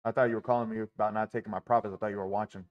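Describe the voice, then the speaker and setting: A man's voice: on the low side, flat delivery, very fast, highs cut off. A man live-streaming his day trading, talking through his trades with heavy swearing and frustrated outbursts.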